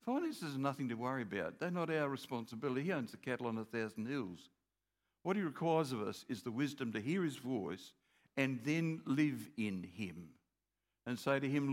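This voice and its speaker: A man's voice: medium pitch, lively intonation, normal speed. An older man, preaching a sermon in an earnest, repetitive way that builds in emphasis. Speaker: pastor.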